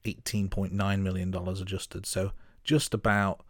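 A young man from the Midlands co-hosting a film podcast, measured and wry in casual chat. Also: low-pitched, flat delivery, no echo, clean studio sound. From English Midlands. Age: young adult. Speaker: podcast co-host.

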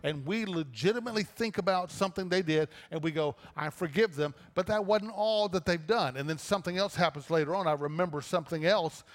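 Conversational preacher in a reverberant church. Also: male voice, high voice, fast, few pauses. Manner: conversational preaching with repeated restarts. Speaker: pastor. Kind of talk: sermon. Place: church auditorium. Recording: long reverb of a church auditorium.

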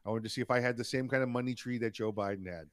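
A man co-hosting a casual political podcast. He tells stories with a chuckle and keeps backing his partner with a steady "yeah". The sound is dry and close, with no room around it. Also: medium pitch, very fast, clean tone, dry recording. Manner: storytelling, chuckling, repeats "yeah". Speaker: podcast co-host.

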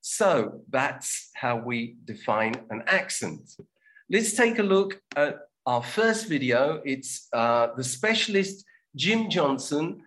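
A man's voice: medium pitch, a bit bright, poor audio. A man hosting an English lesson, introducing clips and bantering with a co-host in a chatty, teasing way.

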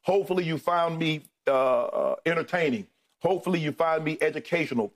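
A middle-aged man gives a heartfelt farewell on the air, naming colleagues one by one and holding back tears. His voice sits a little high for a man, and it stays emotional throughout. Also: a little fast. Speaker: co-host saying farewell.

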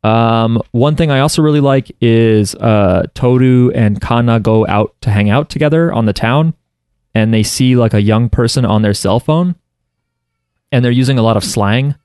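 A man's voice: medium pitch, normal speed, a little mellow, clear, resonant tone, dry recording, studio quality. A man co-hosting a podcast, recapping an anime in a casual, rambling way with lots of fillers and restarts. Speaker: podcast co-host.

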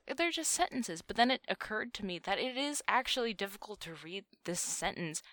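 A young woman co-hosting a podcast in casual chat, chatty and quick to laugh. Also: medium pitch, dry recording. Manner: chatty, laughs often, animated. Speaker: podcast co-host.

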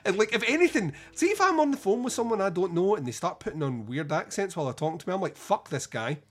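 A man's voice: sits high, sing-song, fast, a bit bright. Rambling, sweary man. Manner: rambling, sweary, lots of restarts and fillers. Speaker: podcast co-host. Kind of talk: casual film review chat.

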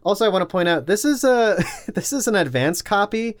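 A man's voice: sits high, lively intonation, a little fast, dry recording, clean studio sound. A man co-hosting a casual podcast chat, talking in a rambling way full of "like" and "uh". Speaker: podcast co-host.

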